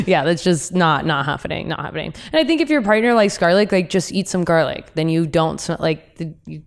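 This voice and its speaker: A young woman hosting a podcast, telling stories in a candid, animated way with laughs and asides. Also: on the low side, brisk, vocal fry, few pauses. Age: young adult. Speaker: podcast host. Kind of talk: casual podcast chat.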